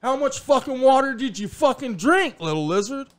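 A man voicing a relaxed, pot-smoking male koala in a spoken joke. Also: medium pitch, quick pace, clean tone, close to an everyday voice. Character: chill stoner koala, male.

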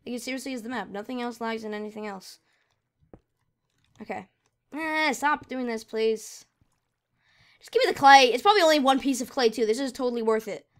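Playing a video game, a woman with a somewhat high, bright voice talks briskly and pauses often. She rambles to herself while commenting and is easily irritated by lag.

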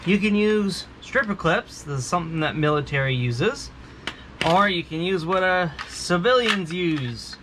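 A man's voice: sits high, lively intonation, a little slow, background noise. A man hosting a casual gear review vlog, talking in a jokey, rambling way with self-mocking asides. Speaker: channel host.

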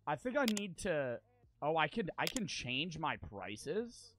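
A young male gaming streamer with a slightly high, sing-song voice plays slowly through a let's-play, chatting casually with his viewers. He's loud, swears, and laughs often as he talks to chat.

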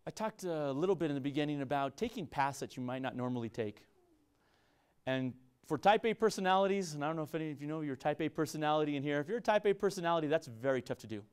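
A man's voice: fairly high pitch, expressive, quick pace, clear, resonant tone. A middle-aged man with a San Luis Valley Colorado accent, giving an earnest public lecture to students, often repeating himself and restarting phrases. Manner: earnest, repetitive, frequent restarts. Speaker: university business professor.

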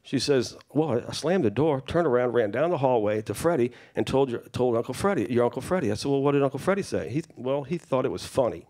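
A man's voice: mid-range voice, fast, hardly any pauses. A man telling family stories to an audience, acting out the people he quotes. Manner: animated anecdote-telling, acts out quoted voices. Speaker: festival speaker sharing family stories. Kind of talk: storytelling talk to an audience.

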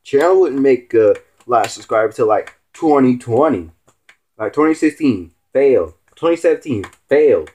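Filling in as host of a casual vlog, a man rambles and teases while ranting to his viewers. His mellow voice is animated, with swooping pitch, at a moderate pace.

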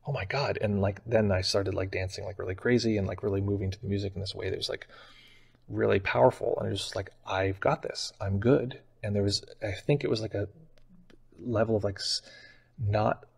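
A man's voice: on the low side, steady tone, brisk, vocal fry, breathy edge. A man telling a personal story in a casual, rambling way, with many fillers. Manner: casual and rambling, heavy use of "like". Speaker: meditation channel host.

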